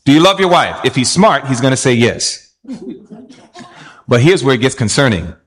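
Lively, animated male preacher. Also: medium pitch, moderate pace. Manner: animated preaching with rhetorical questions. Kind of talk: sermon.

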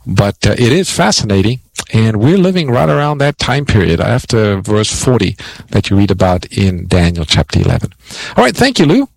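A man hosting a call-in radio show, explaining Bible prophecy to callers in a measured teaching manner with frequent "uh" fillers. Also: on the low side, vocal fry, no room sound, poor audio. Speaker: radio Bible answer host.

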